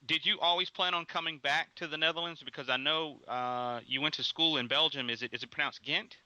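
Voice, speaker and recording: A man hosts an interview, circling through long questions and stumbling over repeated words. His voice has a very bright, sharp edge. The recording is dry and slightly dull, without any room echo. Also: a little high, fairly even intonation, a little fast. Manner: rambling, repeats words while forming questions. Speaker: interview host.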